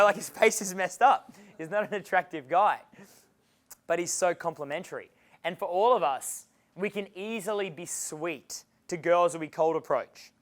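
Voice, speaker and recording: A man's voice: on the high side, a bit bright. A male dating coach giving a live seminar lecture to an audience. He speaks casually and bluntly, swears often, and chuckles between points.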